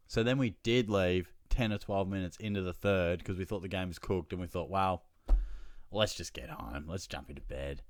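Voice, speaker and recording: A young Australian man hosting his own fantasy football show, telling a casual, animated story about his weekend and swearing freely along the way. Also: low voice, no room sound.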